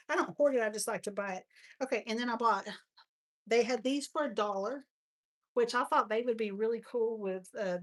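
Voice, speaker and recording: A woman with a Texan accent hosting a live crafting stream, chatting and rambling through stories as she shows her supplies. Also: mid-range voice. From Texas. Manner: chatty, rambling storyteller, says y'all. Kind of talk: casual crafting chat.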